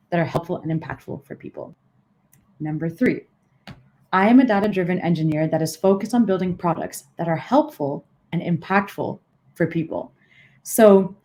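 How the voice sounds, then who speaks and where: Woman, young adult, interview coach, warm mellow voice, lowish pitch, lively shifting emphasis. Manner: energetic, varies emphasis, frequent "so" and "okay". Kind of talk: live online workshop teaching.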